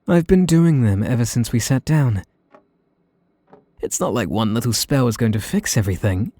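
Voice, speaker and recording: Here a British-accented man speaks at medium pitch as a young male mage in an ASMR role-play, possessive with a sweet menace. His delivery is gentle, teasing, and condescending, with no room sound in the recording.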